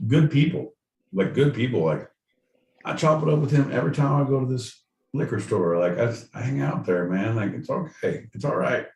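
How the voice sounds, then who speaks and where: A man's voice: medium pitch, animated, moderate pace, a little mellow. A man co-hosting a podcast, riffing in crude, rambling, mock-indignant banter. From Southern California. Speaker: podcast co-host. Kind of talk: casual comedic banter. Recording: roomy, distant mic with faint noise.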